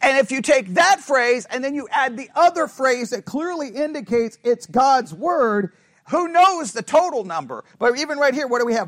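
Male Bible study leader, strikingly high voice, quizzes the class and drums points home by repetition. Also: lively intonation, normal speed. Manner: asks the group questions, repeats phrases for emphasis. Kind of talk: interactive Bible study lesson.

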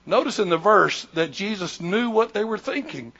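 A man's voice: high-pitched, lively intonation, normal speed, a bit bright, muffled recording. A man in his sixties, a pastor preaching a sermon in an emphatic, repetitive, conversational way.

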